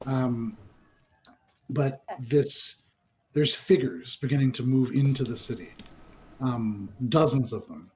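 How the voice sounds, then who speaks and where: A man running a tabletop game as dungeon master, narrating scenes in a relaxed way with many ums and kind ofs. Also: mid-range voice, takes it slowly, pauses often.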